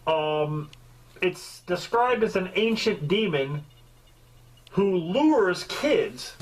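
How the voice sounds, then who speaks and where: A man reviews a movie in a loose, joking way, and he swears a lot. His pitch swings widely up and down as he drifts off into tangents. It sounds like off-the-cuff talk rather than anything scripted. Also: drawn-out words, low-quality recording. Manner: animated, swears freely, rambling asides. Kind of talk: casual comedic movie review.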